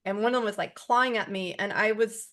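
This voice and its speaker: Talking fast in a slightly bright, mid-range voice with fairly even intonation, a support group member rambles earnestly through her spiritual experiences in a relaxed group chat. "Like" fills nearly every pause.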